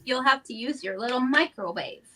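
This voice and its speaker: A woman co-hosting a live online vintage sale, presenting items in an easygoing, gentle way. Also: high-pitched, lively intonation, moderate pace, slight background noise. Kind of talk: live online auction selling.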